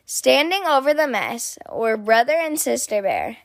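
A woman reading a children's picture book aloud in an expressive, sing-song storytelling manner. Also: fairly high pitch, unhurried, creaky, no echo, clean studio sound. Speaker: storybook reader.

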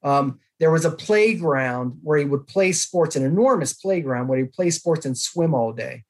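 A man speaks as a podcast guest, recounting a story with earnest conviction. His voice sits a little higher than most men's, and he leans on key words with bursts of emphasis. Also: animated, normal speed. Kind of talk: conversational interview.

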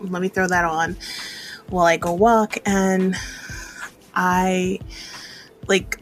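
Young woman, chatty vlog monologue, laughs a lot, casual swearing, lowish pitch. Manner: rambling, candid, laughs often, swears casually. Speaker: vlogger.

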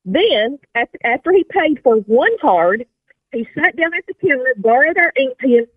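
A woman's voice: high voice, lively intonation, normal speed, husky, no room sound. A woman from Alabama calling in to a radio show and telling a story in a chatty way. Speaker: caller. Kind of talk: anecdote told on a call-in show. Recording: phone line.

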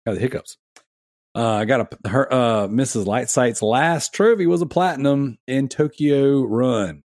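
A man's voice: medium pitch, unhurried, a little mellow, no room sound, studio quality. A man in his thirties hosting a casual gaming podcast, chatty and rambling, laughing often. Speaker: podcast host.

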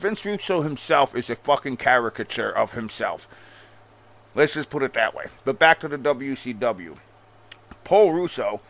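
A man ranting casually about wrestling history in a profane, animated and sarcastic manner. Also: mid-range voice. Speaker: wrestling commentator. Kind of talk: casual rant.

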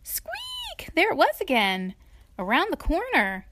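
A woman reading a children's story aloud in an expressive, playful way, adding asides to her listener. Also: on the high side, unhurried, no echo.

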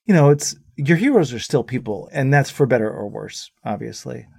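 A man's voice: medium pitch, normal speed, creaky, slightly rough, no room sound, studio quality. A middle-aged man, a musician guest, telling anecdotes in casual chat and often laughing as he talks. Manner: animated storyteller who laughs often.

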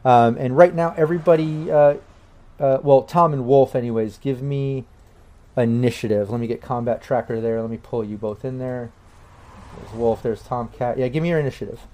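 A man's voice: medium pitch, steady tone, moderate pace, warm tone. A man narrating a tabletop game on a stream as game master, in a casual, rambling way.

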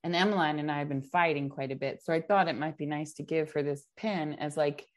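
A middle-aged woman in casual chat, telling a family story with animated quoted voices. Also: low voice, fairly quick, slight background noise.

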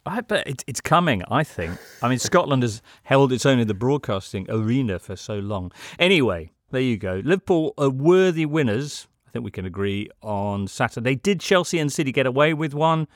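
Brief: wry male football podcast host, mid pitch, dry close mic. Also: lively intonation, normal speed, few pauses, dry recording. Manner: wry, theatrical phrasing. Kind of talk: casual football podcast chat.

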